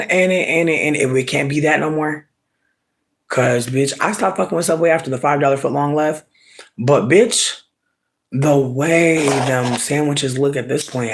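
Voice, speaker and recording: Guy ranting to camera, cussing a lot, gets loud then mutters, smoking, mid pitch. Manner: animated, swearing, swings between loud outbursts and mutters; smokes while talking. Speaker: vlogger. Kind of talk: casual storytime rant.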